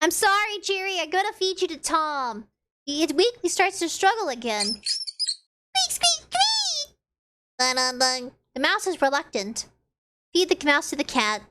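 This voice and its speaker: A woman's voice: very high-pitched, lively intonation, moderate pace, pushed and bright. A young woman streaming a horror game, reading its text aloud with playful commentary and dramatic sound effects.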